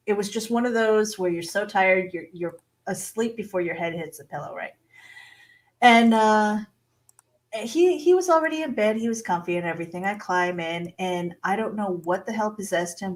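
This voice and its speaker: A woman guest on an interview show, telling stories in a casual, animated way, laughing often and acting out the voices in them. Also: lowish voice, poor audio. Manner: animated storyteller, laughs often, acts out quotes. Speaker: guest author.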